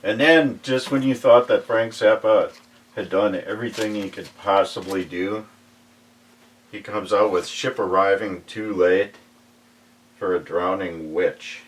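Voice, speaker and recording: A middle-aged man talks through a collection in an unhurried, drawn-out way. His voice sits on the low side, and he chuckles easily as he recalls things in casual shop chat. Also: fairly even intonation, far from the mic. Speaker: record shop collector showing albums.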